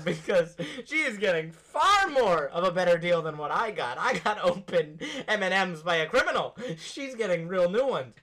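A young man hosting a podcast, telling a story in a casual, animated way and laughing often. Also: sits high. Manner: animated, laughing often, acts out quoted voices. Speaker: podcast host. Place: podcast studio.

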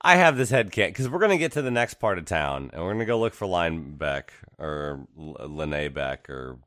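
A man's voice: on the low side, animated, fast talker, a bit bright, no echo, studio quality. A man co-hosting a casual game podcast, rambling through playful theories with many restarts. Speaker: podcast co-host.

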